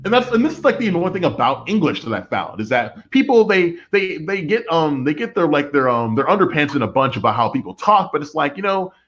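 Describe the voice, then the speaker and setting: A young American man co-hosts a podcast, rambling through casual chat and saying "like" constantly. His slightly high, slightly bright voice has a sing-song lilt and runs a little fast with few pauses. The recording sounds dull and lo-fi.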